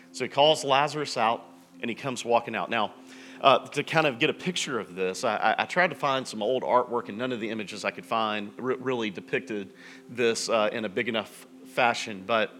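A man preaching a sermon in a relaxed, conversational storytelling way, with frequent restarts and asides. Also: mid-range voice. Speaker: pastor.

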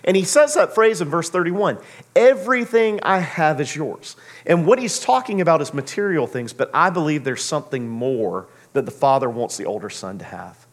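A man in his thirties delivers a sermon, his voice a little higher than most men's. He tells stories with animation, swinging from soft, low asides to excited, acted-out lines. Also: normal speed. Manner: animated storyteller, acts out quotes with big pitch jumps. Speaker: pastor.

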